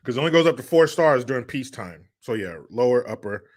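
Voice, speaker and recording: A man's voice: mid-range voice, lively intonation, fast. A man hosting a casual livestream, reading out viewer donations with joking, sarcastic remarks and frequent laughter.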